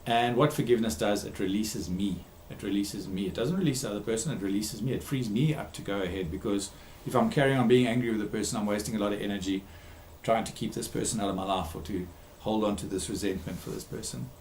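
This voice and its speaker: A man's voice: on the low side, fast talker, few pauses, darkish tone, slight background noise. Man, therapist, talk on conflict, emphatic, repeats key words, lots of ums, roomy echo. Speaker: therapist giving a talk series.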